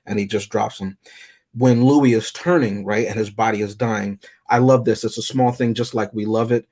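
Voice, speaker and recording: Reflective man, lowish voice. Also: fairly even intonation, normal speed, darkish tone. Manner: reflective, rambling, reads quotes aloud. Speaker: film review co-host. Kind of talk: casual film discussion.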